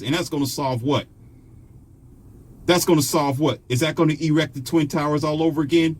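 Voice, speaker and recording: Husky man ranting at his viewers. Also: mid-range voice, fairly quick. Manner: confrontational, mocking, preachy. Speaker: online commentator. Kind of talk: ranting monologue.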